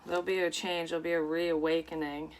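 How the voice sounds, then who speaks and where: Rambling, low-voiced woman reading cards. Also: flat delivery, a little fast, slight background noise. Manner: rambling, frank, swears often. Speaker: psychic tarot reader. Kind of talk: casual tarot reading to camera.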